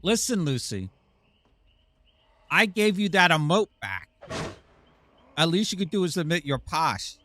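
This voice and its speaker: Male streamer, bright lively voice, slow unhurried teasing banter with chat. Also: a little high. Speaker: live-stream gamer host. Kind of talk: casual live-stream chat to viewers.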